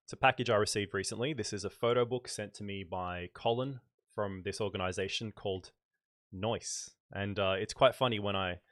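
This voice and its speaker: Man, light Australian accent, lowish voice, dry close sound, relaxed chatty livestream host. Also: a little fast, no room sound. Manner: relaxed and chatty, thinking aloud with fillers. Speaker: photography YouTuber hosting a livestream. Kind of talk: casual livestream chat.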